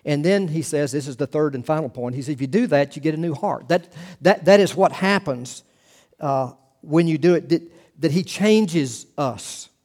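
A middle-aged male pastor preaching a sermon, earnest, rising to emphatic quotes and dropping to hushed asides. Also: a little high, moderate pace.

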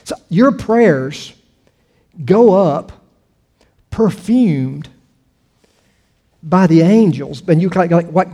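A man's voice: sits high, lively intonation, takes it slowly, long pauses, dark tone, slightly rough. Conversational older male preacher. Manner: conversational, with repeated restarts and rhetorical questions. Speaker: pastor. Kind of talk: sermon.

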